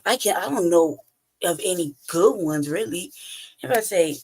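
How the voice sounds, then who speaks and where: A man's voice: high voice, lively intonation, moderate pace, a little mellow, a little hiss or hum. A man hosting a podcast, telling stories in a blunt, profane, casual way and laughing often between phrases. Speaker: podcast host. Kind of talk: casual storytelling monologue.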